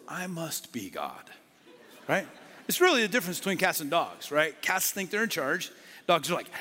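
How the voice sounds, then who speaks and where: A middle-aged man, a pastor preaching a sermon, who moves between lively talk and hushed whispers for emphasis. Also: a little high. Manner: dynamic, drops to a whisper for emphasis. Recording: long hall reverb.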